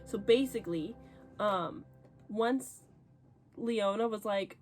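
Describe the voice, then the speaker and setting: A young woman vlogging casually about a book she is reading, with animated, dramatic reactions. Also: medium pitch, slow pace, faint music behind. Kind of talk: casual reading vlog chat.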